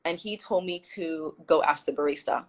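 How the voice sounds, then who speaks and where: A woman joining a casual video call as a guest recounts a story with animation, performing the lines people said. She speaks at normal speed in a low-pitched voice, captured on a rough recording.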